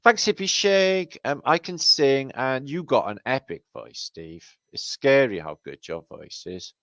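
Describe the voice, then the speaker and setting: A man's voice: mid-range voice, lively intonation, unhurried, sharp tone, no room sound. A British man hosting a casual livestream, rambling and sardonic, swearing constantly as he reads out viewer comments. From Britain. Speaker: livestream host. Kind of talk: casual live chat reading viewer comments.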